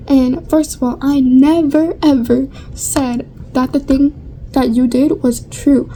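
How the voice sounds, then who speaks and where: High, mellow-voiced young woman rambling. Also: fairly even intonation, slow pace, a little hiss or hum, low-quality recording. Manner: chatty, rambling, swears freely, many fillers. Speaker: vlogger. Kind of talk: casual storytime chat while getting ready.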